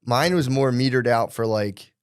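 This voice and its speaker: A man's voice: medium pitch, normal speed, clean tone, no room sound, studio quality. Swearing man in casual chat. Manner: crude, swears freely, voices his own inner thoughts. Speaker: podcast co-host.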